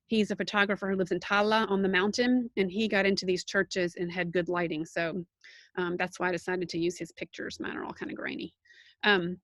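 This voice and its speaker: A woman's voice: medium pitch, fairly bright tone, no echo. A woman teaching art history and food, giving a conversational online slideshow lecture with frequent ums and restarts.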